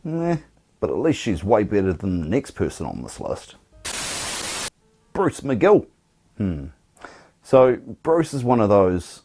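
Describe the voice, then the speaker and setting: A man's voice: lowish voice, very animated, slow pace, long pauses, dark tone, slight background noise. A man giving sarcastic, irreverent commentary on film clips. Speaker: YouTube host.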